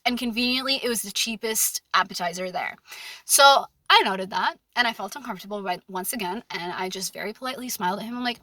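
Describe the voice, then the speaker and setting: A woman's voice: a little high, fairly quick, sharp tone, dry recording. A young woman talking frankly about dating in a casual monologue, full of fillers and anecdotes. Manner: chatty, frank, anecdote-driven with many fillers. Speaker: dating advice commentator.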